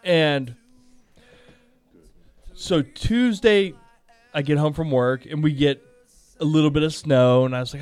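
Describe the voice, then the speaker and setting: A man's voice: on the high side, measured pace, long pauses, a little mellow, clear, resonant tone, no room sound. Laid-back man telling a story. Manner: laid-back, swears freely, laughs while telling stories. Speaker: podcast host. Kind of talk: casual storytelling chat.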